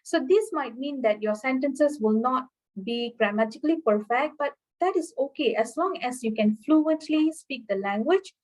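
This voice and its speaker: A woman from Malaysia giving an English-skills webinar lesson, often pausing with fillers and checking in with okay and all right. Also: high voice, lively intonation, darkish tone, rough recording. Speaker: English lecturer.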